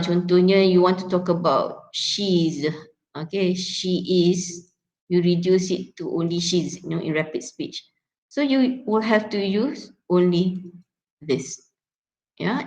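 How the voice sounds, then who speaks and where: A woman's voice: fairly low pitch, low-quality recording. A woman lecturer with a Malaysian accent teaching a class, explaining step by step and often checking in with "yeah?". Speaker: university lecturer.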